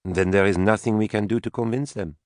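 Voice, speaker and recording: A man's voice: lowish voice, steady tone, brisk, no room sound, clean studio sound, voice pushed up, natural voice. A man voicing Nicole, an earnest, questioning woman colonist speaking to her husband in an audiobook.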